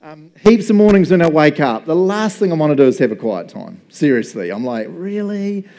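A male pastor preaching a sermon in a casual, joking, animated way. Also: on the high side, brisk.

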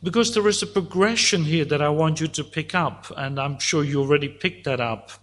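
A man preaching a sermon, teaching slowly and deliberately through a psalm and voicing God's words at times. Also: a little high, fairly bright tone.

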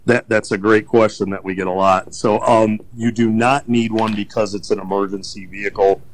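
A man who directs a county emergency agency, answering interview questions in a steady, explanatory way with frequent ums and restarts. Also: lowish voice, normal speed, slight background noise, poor audio.

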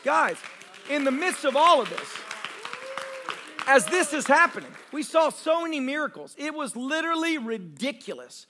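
A male pastor telling testimony stories in a sermon, excitable and animated, tumbling over his own words as he goes. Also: extremely high pitch, crowd noise, noisy background. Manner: excitable, animated storyteller with fast restarts. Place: church service.

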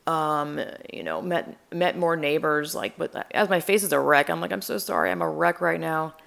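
A woman's voice: low voice, moderate pace, vocal fry, a bit bright. A young adult woman telling a rambling, chatty personal story, acting out what people said. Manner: rambling, chatty, acts out quotes. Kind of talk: casual storytelling.

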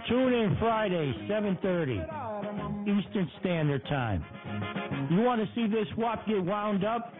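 A man's voice: high voice, animated, unhurried, narrow, tinny audio, music in the background. A man hosting a casual podcast, angry and profane, mocking and swearing. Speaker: podcast host. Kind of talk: casual profane livestream rant.

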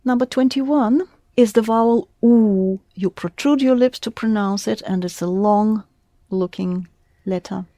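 A woman's voice: medium pitch, steady tone, a little slow, warm tone, no echo, studio quality. A woman teaching a language class, patiently prompting her students with questions. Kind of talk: classroom lesson.

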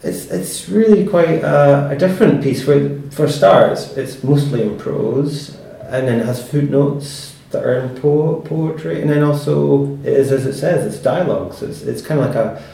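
A man with a gravelly, mellow voice asks interview questions in a measured, slightly hesitant way. He sits away from the mic in a very echoey room. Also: a little high, slight background noise. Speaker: podcast host. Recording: roomy echo, distant from the mic.

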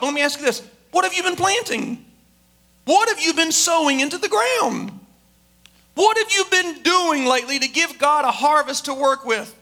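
A male pastor delivers an emphatic sermon from a church stage. His voice sits very high and rings bright and forceful. He drives home each point with rhetorical questions and repetition. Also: normal speed.

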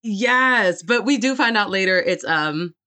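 A young woman talking about a book with friends, animated and quick to act out the characters. Her pitch swings widely and her tone is bright and forceful, with plenty of cursing. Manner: animated, swears freely, acts out characters. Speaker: book club co-host. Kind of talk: casual book chat.

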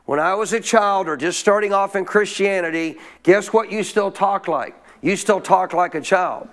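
A man with a high-sitting voice, speaking at normal speed, preaches as pastor in a church. He reads verses and prompts the congregation to call back answers to his questions.

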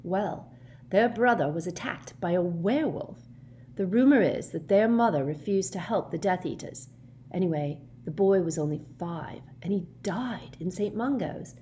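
A woman voicing a brisk, impatient, clever teenage schoolgirl in a storybook reading. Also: on the low side, animated, mellow, a little hiss or hum, close to an everyday voice.

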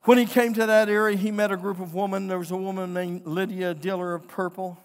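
High-voiced impassioned male preacher, hall echo. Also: little pitch movement, quick pace. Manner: impassioned, builds to shouting. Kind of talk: sermon. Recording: long hall reverb.

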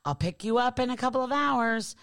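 A woman's voice: fairly high pitch, animated, a little fast, fairly bright tone, pitched above the performer's own voice. A woman putting on the voice of a smug, bossy young man from a toy game, in a chirpy, sing-song phone-call tone.

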